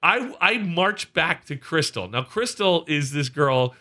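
A man on a casual podcast tells a story with energy and acts out the people in it. His voice sits a bit high and sounds bright and forceful. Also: slow. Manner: animated, acts out quotes. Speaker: podcast co-host.

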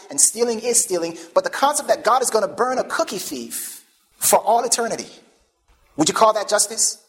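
A man preaching a sermon, pausing often to ask the congregation questions and leading them toward each answer. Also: high-pitched. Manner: call-and-response questions to the congregation; animated, emphatic preaching.

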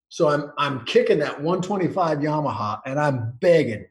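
A man's voice: a little high, expressive, brisk, echoey room, rough recording. A man, a football coach, telling long casual anecdotes with frequent restarts and small laughs. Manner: rambling anecdotes with restarts and chuckles. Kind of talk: casual storytelling interview.

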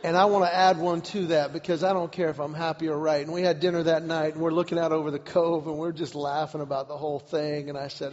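A man preaching a sermon, telling a personal story in an animated way, repeating words and shouting at the climaxes. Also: fairly high pitch, fast, few pauses. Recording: dull recording with long hall reverb.

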